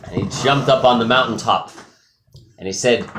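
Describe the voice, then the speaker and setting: A man's voice: mid-range voice, normal speed, long pauses, fairly bright tone, slight background noise. A man improvising a casual story, goofy and often laughing and getting sidetracked. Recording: echoey room.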